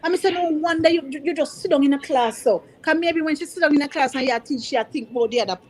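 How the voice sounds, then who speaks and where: A woman's voice: sits high, fast talker, a little mellow, poor audio. A woman teacher with a Jamaican accent, talking earnestly to parents and mixing in patois. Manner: emphatic, repeats points, mixes patois. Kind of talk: impassioned talk to parents.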